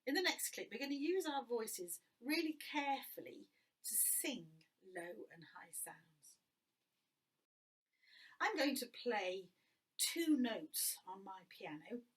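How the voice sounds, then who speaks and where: A woman's voice: fairly high pitch, distant mic. A woman in her fifties teaching a music lesson to young children, playful and encouraging as she talks straight to them. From England.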